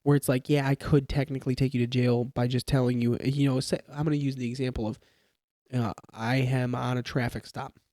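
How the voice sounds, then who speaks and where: A young man talks casually on a podcast about police work. His voice is mellow and warm, recorded close and dry on a studio mic. He explains through examples, restarting sentences as he goes. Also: mid-range voice, flat delivery, fairly quick, no echo. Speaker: police trainee or new officer.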